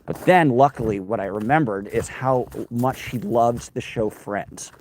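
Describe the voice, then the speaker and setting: A man's voice: mid-range voice, moderate pace, a little mellow, a little hiss or hum. A young man, a former news anchor, chatting in a rambling, wry way while walking outdoors in the cold and answering viewers. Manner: rambling, self-interrupting, wry. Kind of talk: casual walking vlog chat, answering viewer comments.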